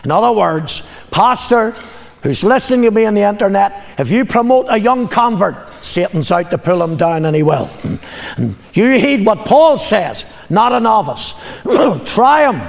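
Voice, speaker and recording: A man's voice: high voice, sing-song, a little slow, vocal fry, in a large hall. An older man preaching a sermon, repeating his lines and calling on the congregation to answer. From Northern Ireland. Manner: calls for congregation responses. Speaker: pastor.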